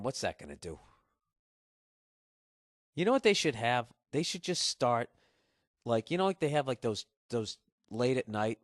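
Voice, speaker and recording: A man's voice: lowish voice, a bit bright, no room sound, studio quality. A man from Massachusetts hosting a solo podcast, rambling in a profane, sarcastic way. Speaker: podcast host.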